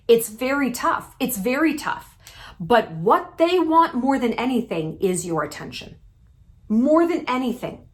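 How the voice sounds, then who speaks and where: Blunt, emphatic woman with a higher voice. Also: big pitch swings, a little slow. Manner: blunt and emphatic, swears freely, dramatic pitch swings. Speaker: YouTube commentator. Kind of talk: direct-to-camera advice talk.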